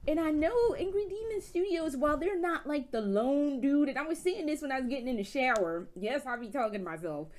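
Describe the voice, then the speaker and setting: A woman vlogger reviewing games in casual chat, telling stories in an animated, profane way with frequent laughs. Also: high-pitched, fairly quick, hardly any pauses. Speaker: video game vlogger.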